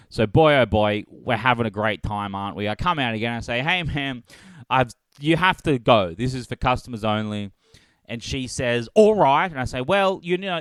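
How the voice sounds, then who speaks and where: A man's voice: mid-range voice, clear, resonant tone, no echo. Sarcastic man telling a story. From Australia. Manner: animated, sarcastic, acts out both sides of quarrels. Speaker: podcast host. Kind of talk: solo comedic storytelling.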